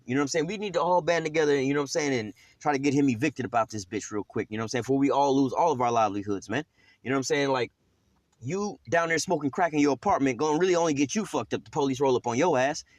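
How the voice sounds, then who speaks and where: A man teaching scripture at a quick clip, loose and streetwise, heavy with slang and cursing. He trails off in fillers and restarts. The sound is dry and close. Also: fairly high pitch, lively intonation, no echo. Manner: streetwise, profane, rambling with many fillers.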